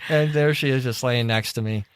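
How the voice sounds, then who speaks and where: A man telling a homespun story in a relaxed podcast chat, his voice sitting in an ordinary middle register. He acts out the lines of others and laughs his way through the tale, keeping the telling lively and animated. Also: medium pitch, fairly quick, clear, resonant tone, no echo. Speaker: podcast co-host. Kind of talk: casual chat.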